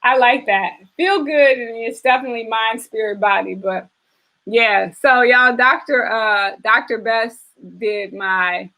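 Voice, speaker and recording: A woman's voice: on the high side, unhurried, sharp tone. Chatty woman hosting a casual live stream. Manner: chatty, reads and answers viewer comments, frequent fillers. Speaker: fitness trainer and live-stream host.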